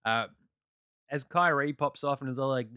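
A man's voice: mid-range voice, moderate pace, pushed and bright, clean tone, dry recording, studio quality. An Australian man hosting a casual basketball recap, blunt, joking and full of swearing. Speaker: basketball podcast host.

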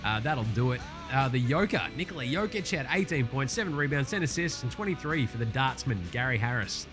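A man's voice: medium pitch, expressive, fairly quick, music in the background. A man with an Australian accent hosting a casual sports recap, swearing freely, ranting and sarcastic. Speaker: sports podcast host.

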